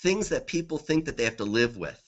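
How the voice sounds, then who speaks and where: A man's voice: medium pitch, sing-song, a little fast, muffled recording. Enthusiastic middle-aged man explaining. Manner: enthusiastic, repetitive affirmations. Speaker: guest author. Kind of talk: conversational interview.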